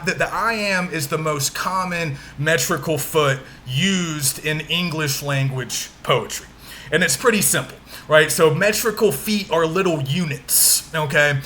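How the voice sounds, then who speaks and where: A male teacher delivers a recorded lecture in a bright, forceful voice pitched a little above the usual. He is patient and repetitive, stopping often to ask "okay?" before going on. A faint hiss sits under the recording. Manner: patient, repeats points with frequent "okay?" check-ins.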